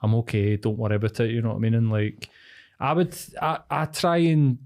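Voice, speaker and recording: A man's voice: mid-range voice, lively intonation, fairly quick, darkish tone. A man, a podcast host, musing in rambling casual chat full of filler words.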